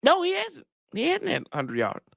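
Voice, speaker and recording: Exasperated and rambling, this sports show host rants casually with slangy asides to his viewers, his notably high, bright voice wildly swooping in pitch. He moves at a moderate pace with some vocal fry, and the audio is dry and close with no echo.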